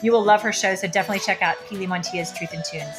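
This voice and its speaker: A woman's voice: mid-range voice, steady tone, very fast, music in the background. A woman from Kansas and Oklahoma hosting a radio talk show, gushing and enthusiastic, repeating phrases and filling gaps with "like" and "you know.". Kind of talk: upbeat radio interview chat.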